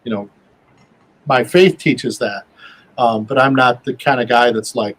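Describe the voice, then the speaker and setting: A man's voice: mid-range voice, moderate pace, slightly rough, rough recording. A man talking as a guest on a show, in a folksy, rambling way with many fillers and restarts. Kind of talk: casual chat.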